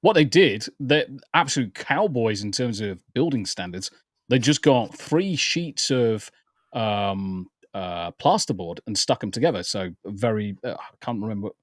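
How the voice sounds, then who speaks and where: A man's voice: on the low side, lively intonation, measured pace, dry recording, studio quality. A British man chatting casually as a guest from a small spare bedroom, rambling and laughing often. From England. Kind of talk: casual chat. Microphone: home computer setup.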